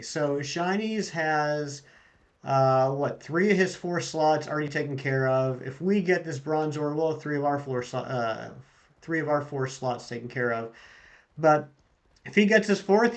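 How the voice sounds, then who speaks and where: Man, live-stream host, relaxed casual chat, slightly high voice, answers chat as he plays. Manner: easygoing, reads chat aloud and answers it.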